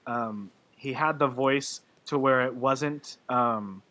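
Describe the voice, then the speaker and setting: Bright-voiced young man gushing about films. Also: medium pitch, slow pace. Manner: earnest, gushing, with frequent fillers. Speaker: podcast co-host. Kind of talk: casual movie review chat.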